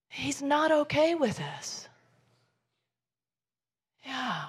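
A woman preaching a sermon, telling the story with animated voices, rising to loud emphasis and dropping to soft near-whispers. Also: medium pitch, very slow, pauses often, husky. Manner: animated storytelling, acting out Jesus' lines. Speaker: pastor.

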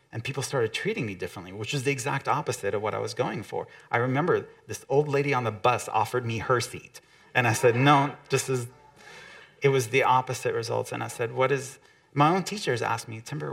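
A man's voice: medium pitch, vocal fry. A man giving a conversational motivational talk to an audience, often acting out quotes from other people.

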